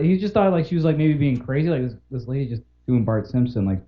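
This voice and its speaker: A young man co-hosting a podcast, an animated storyteller who acts out the people he quotes and swears a lot. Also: medium pitch, fairly quick, few pauses, highs cut off. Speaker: podcast co-host. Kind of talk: casual chat.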